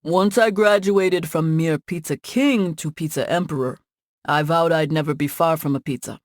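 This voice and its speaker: A woman's voice: deep voice, normal speed, no echo, studio quality, natural voice. A woman voicing an easygoing, joking middle-aged man who runs a tech company, in an audiobook.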